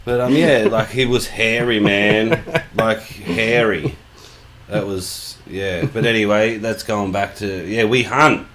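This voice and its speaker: Australian guy co-hosting a casual podcast, foul-mouthed joker, slightly low, light background hiss. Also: fairly even intonation, slow, fairly bright tone. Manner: crude, swears a lot, tells jokes. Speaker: podcast co-host. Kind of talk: casual chat.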